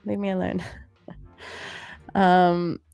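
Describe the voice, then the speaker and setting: A woman's voice: fairly low pitch, flat delivery, very slow, creaky, a little mellow, smooth, dry recording, soft background music. A woman hosting a casual livestream, reading out chat comments in a playful, jokey way and laughing often. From Australia. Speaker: livestream host.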